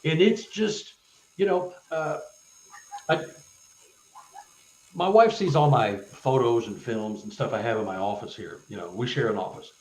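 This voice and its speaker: A man talks through his own experiences in a stop-and-start way, tripping over words and then building up steam as the story gets going. His voice sits at an ordinary male pitch, and the recording has a roomy, echoey quality. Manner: halting, stuttered restarts, animated when retelling events. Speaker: guest, author. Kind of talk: casual storytelling in a live interview.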